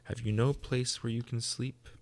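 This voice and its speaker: A man reading aloud, voicing an earnest, gentle young girl in a raised voice. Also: steady tone, normal speed, a little hiss or hum, natural voice. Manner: raised pitch, bright and eager.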